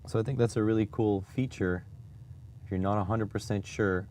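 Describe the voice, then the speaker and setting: Casual streamer: low, dark-toned man, relaxed musing delivery with fillers, faint noise behind. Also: fairly quick. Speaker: streamer testing electronics. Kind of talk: casual livestream chat.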